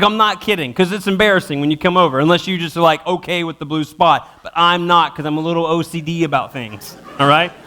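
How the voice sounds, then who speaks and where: A male pastor in his thirties telling a funny family story in a sermon, self-mocking and acting out his kids and wife. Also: sits high. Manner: animated, self-mocking, acts out his family in quick voices. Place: church auditorium.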